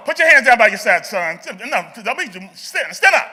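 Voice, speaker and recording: Brief: male chant leader, very high and sharp-toned, commanding, big reverberant hall. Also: very animated, moderate pace, hardly any pauses. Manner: commanding, coaching a crowd of kids. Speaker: youth event leader. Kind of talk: leading rally chants. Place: large meeting hall. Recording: echoey hall.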